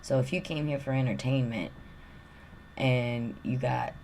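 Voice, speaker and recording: A deep-voiced woman from Tennessee with a country Southern accent talks slowly on a casual live stream. She is chatty and quick to apologize, and she laughs at herself often. Her voice sits very low for a woman, with a faint hiss of noise in the background. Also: vocal fry, darkish tone.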